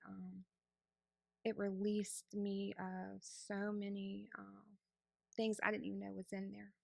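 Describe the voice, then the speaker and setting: This church member's mid-range voice carries vocal fry and a slightly bright tone as she tells the congregation her story. Candid and chatty, she plays out her own earlier thoughts; there's no echo.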